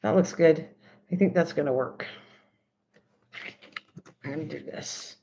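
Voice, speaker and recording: A woman's voice: low-pitched, measured pace, warm tone, a little hiss or hum. An older woman hosting a crafting livestream, chatting casually and laughing as she talks to her cat and viewers. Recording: dull lo-fi sound.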